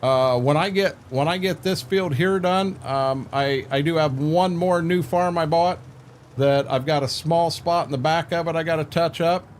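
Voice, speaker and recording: A man's voice: fairly high pitch, moderate pace, a little hiss or hum. An older man chatting casually with viewers while streaming a farming game, laid-back and rambling, repeating words and filling gaps with "uh".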